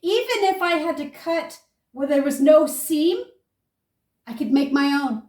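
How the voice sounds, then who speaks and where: An older woman homesteader, chatting through a food-storage demonstration and telling stories in a lively, animated way. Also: high voice, unhurried, roomy sound, distant mic. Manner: chatty, animated storyteller, talks viewers through each step. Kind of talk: casual how-to and storytelling.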